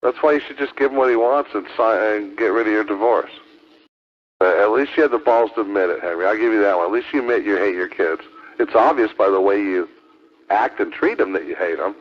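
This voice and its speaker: A man with a fairly low voice argues on air over a ham radio link. He taunts and swears, hammering the same accusations again and again. The transmission sounds dull and lo-fi. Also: a little fast. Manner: taunting, profane, repeats accusations. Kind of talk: heated on-air argument.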